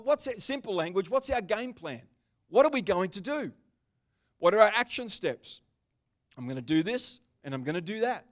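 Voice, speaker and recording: High-voiced, animated male preacher. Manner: animated preaching, swings between loud bursts and calm asides; talks with the congregation by name, chatty and joking. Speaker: pastor. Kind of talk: sermon. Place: church service.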